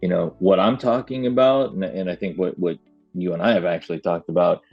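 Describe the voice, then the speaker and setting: A man's voice: low voice, steady tone, brisk, dry recording, highs cut off, soft background music. A man co-hosting a casual business podcast, speaking plainly and often chiming in to agree. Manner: plain-spoken, lots of agreeing interjections. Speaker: podcast co-host.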